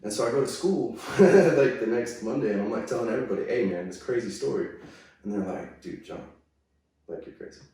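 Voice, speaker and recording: A guest from California with a medium-pitched, mellow voice tells a story briskly with lively intonation. His talk is laid-back and slangy, packed with "dude," "like" and "right?". The recording is very echoey, with the mic far away.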